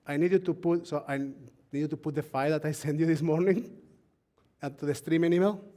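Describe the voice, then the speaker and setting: A man leading a Shabbat service who preaches in a chatty way, laughing often, asking the congregation and crew for attention, and reading scripture slowly. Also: fairly high pitch, fairly even intonation, warm tone. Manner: reads scripture slowly and deliberately. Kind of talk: live-streamed sermon and Torah teaching.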